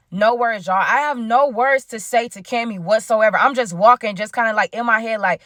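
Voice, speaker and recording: A woman telling a story in casual storytime style, animated and talking straight to her viewers. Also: on the high side, a little fast, hardly any pauses, dry recording, studio quality. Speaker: storytime vlogger.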